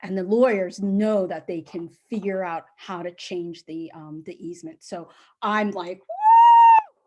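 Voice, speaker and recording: A middle-aged woman telling a personal story on a live stage, animated and acting out the people she quotes. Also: measured pace. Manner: animated, acts out quoted voices with big pitch jumps.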